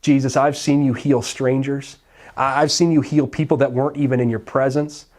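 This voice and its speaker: A man's voice: medium pitch, little pitch movement, normal speed, darkish tone, natural voice. A man voicing a heartbroken, grieving woman who blames a friend in a pleading, accusing way.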